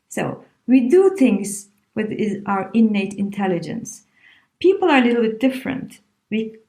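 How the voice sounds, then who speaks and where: A woman's voice: fairly high pitch, darkish tone, roomy sound. Reflective woman, middle-aged podcast guest. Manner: reflective, non-native phrasing, frequent restarts and fillers. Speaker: podcast guest, entrepreneur and coach. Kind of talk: conversational podcast interview.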